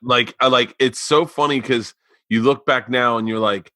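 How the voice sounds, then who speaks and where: A man hosting a casual podcast, talking in animated, profane bursts. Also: medium pitch, moderate pace, no room sound. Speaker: podcast host.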